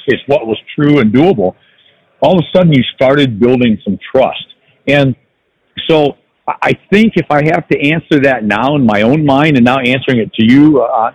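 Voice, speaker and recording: A man's voice: medium pitch, breathy edge, no echo, rough recording. An older man, a sales professional and podcast guest, telling stories in a reflective way with many restarts. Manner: reflective storytelling with frequent restarts. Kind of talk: casual podcast conversation.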